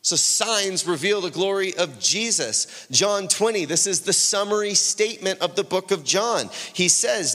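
A man with a slightly higher voice preaching to a congregation, animated and storytelling, slipping into voices for the people in his anecdotes. His words ring out with a long reverb, as in a big church hall. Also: unhurried, few pauses. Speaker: pastor. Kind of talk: sermon.

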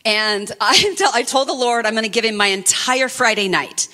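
A woman preacher telling a personal testimony in an expressive, fervent sermon style. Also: fairly high pitch, moderate pace.

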